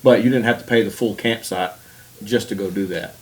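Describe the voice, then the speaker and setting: A man's voice: fairly low pitch, fairly even intonation, a little fast, rough recording. A man chatting on a podcast, hesitant and full of fillers. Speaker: podcast cohost. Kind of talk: casual chat.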